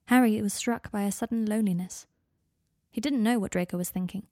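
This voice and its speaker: A woman calmly reading a romance story aloud as its narrator. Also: mid-range voice, a little fast, no room sound, studio quality. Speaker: fan fiction reader.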